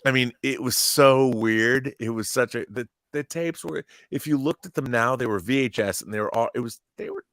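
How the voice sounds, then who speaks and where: Guy in his 50s telling stories on a podcast, blunt and lively, mid-pitched voice, dry sound. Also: moderate pace, hardly any pauses, no echo. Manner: animated anecdotes, blunt, acts out dialogue. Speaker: podcast co-host. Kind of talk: casual storytelling chat.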